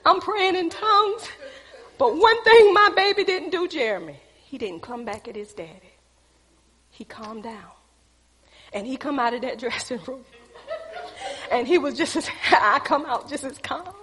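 A middle-aged woman preacher telling a testimony, animated, acting out quotes and talking straight to the crowd. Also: sits high, unhurried, long pauses, long reverb tail. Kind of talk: sermon testimony storytelling.

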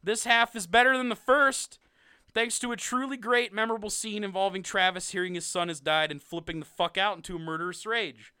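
A young man co-hosting a podcast, reviewing a ranked list of TV seasons in a sarcastic, animated way with frequent laughs. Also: high voice, fairly quick, smooth, no room sound, studio quality. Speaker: podcast co-host. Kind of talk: casual ranking review chat.

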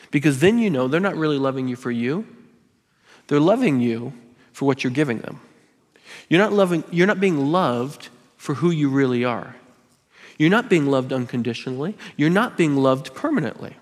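A man preaching a sermon as pastor, driving points home by repeating phrases and slipping in joking asides. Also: fairly high pitch. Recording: long hall reverb.

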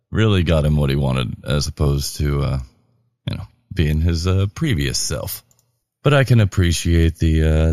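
Very deep-voiced laid-back podcast host. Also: male voice, dry recording, clean studio sound. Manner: laid-back, filler-heavy, joking. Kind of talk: casual podcast chat.

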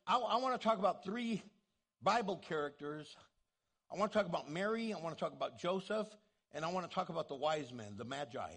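A man pastor preaching a sermon in an animated way, acting out the voices he quotes. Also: high-pitched, vocal fry, breathy edge.

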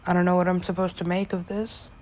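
A woman's voice: lowish voice, flat delivery, fast talker, a little hiss or hum. A young woman in a casual, rambling personal monologue, full of "like" fillers and swearing, sometimes dropping to a whisper. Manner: casual, lots of "like" fillers, swears, laughs often; drops into whispers at times. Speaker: vlogger.

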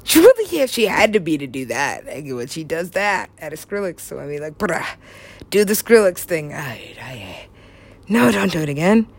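Giggly young woman, lively swooping voice. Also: low-pitched, normal speed. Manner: giggly, excitable, profane, trails off. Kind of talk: rambling storytelling.

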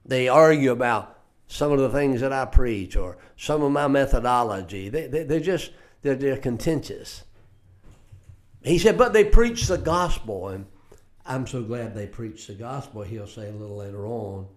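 A man's voice: medium pitch, normal speed. An older man teaching from scripture in an earnest preaching manner, often repeating words as he starts a phrase. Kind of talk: radio Bible teaching.

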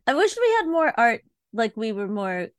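A woman's voice: fairly high pitch, sing-song, normal speed, clean tone, dry recording, clean studio sound. A woman co-hosting a podcast in casual chat, telling a rambling story in an agreeable, chatty way. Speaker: podcast co-host.

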